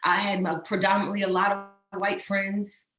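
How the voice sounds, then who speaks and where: A woman's voice: mid-range voice, little pitch movement, normal speed, a bit bright. Woman in her fifties, impassioned and emotional host address, echoey room. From New Jersey, USA. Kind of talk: heartfelt personal address. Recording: roomy echo.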